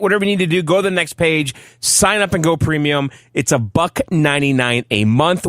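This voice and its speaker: A man's voice: fairly high pitch, a bit bright, no room sound, clean studio sound. A man co-hosting a live gaming podcast, joking around and rattling off promo details. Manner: jokey, fast promo delivery. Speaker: podcast co-host. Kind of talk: casual gaming podcast chat.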